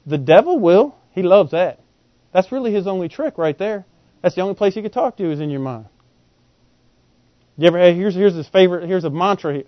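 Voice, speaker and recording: A male preacher teaching a Bible sermon in an animated way, quizzing his listeners with questions. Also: sits high, fairly quick, no room sound. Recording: dull, lo-fi and dry.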